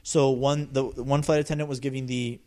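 A young man in a relaxed chat, cracking jokes and cutting in with quick comments. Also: medium pitch. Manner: joking, interjecting, laid-back. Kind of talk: casual chat.

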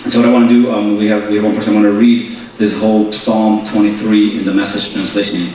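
A man's voice: on the low side, level tone, quick pace, a little mellow, slight background noise. A man preaching as a pastor, emphatic and repeating his key phrases, reading scripture and praying. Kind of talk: sermon with scripture reading and prayer. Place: church sanctuary. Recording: echoey church hall from far off.

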